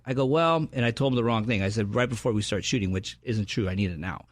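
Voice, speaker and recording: A man's voice: medium pitch, no echo, studio quality. A man co-hosting a podcast, telling a story in casual chat and acting out his friends' lines. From San Diego area. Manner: fast, animated storyteller, acts out friends' lines. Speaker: podcast co-host.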